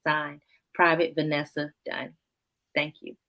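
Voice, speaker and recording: A woman performing spoken word poetry with slow, deliberate, sometimes half-sung lines, then talking casually about it. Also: deep voice, little pitch movement, a bit bright.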